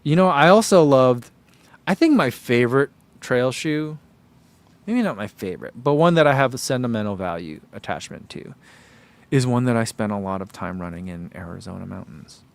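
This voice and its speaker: A man's voice: mid-range voice, lively intonation, moderate pace, gravelly. A man chatting casually on a vlog, rambling through running shoe thoughts and reading viewer comments aloud.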